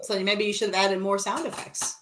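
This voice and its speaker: A woman with an everyday middle-pitched voice, joking and teasing her way through a loose conversation. She laughs easily as she talks. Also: steady tone, brisk, a bit bright. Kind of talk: casual podcast chat.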